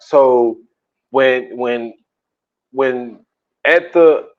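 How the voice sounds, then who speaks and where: Very slow and medium-pitched, this man co-hosts a laid-back movie podcast, animatedly acting out scenes amid frequent laughter. The sound quality is lo-fi.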